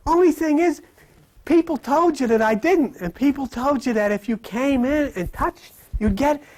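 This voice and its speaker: A man giving a lively, conversational sermon to a live audience, acting out the voices he quotes. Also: extremely high pitch, normal speed. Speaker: spiritual teacher.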